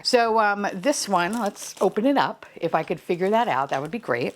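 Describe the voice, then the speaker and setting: Woman, unboxing vlog host, gushing chatter, swings up and down in pitch. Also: sing-song, normal speed. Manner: gushing, squealing over cute finds, casual swearing. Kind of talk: casual unboxing chat.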